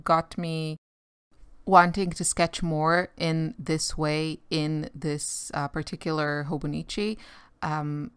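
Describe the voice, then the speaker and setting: A woman's voice: low voice, smooth, no room sound. A woman art vlogger chatting casually while she sketches, rambling with many fillers and frequent laughs.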